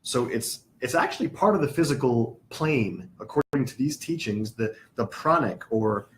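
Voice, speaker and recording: A man lecturing a small class on spiritual teachings, with a middle-pitched voice. He explains each term patiently, spells words out and stops to put questions to his students. There is a faint hiss underneath. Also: expressive, normal speed.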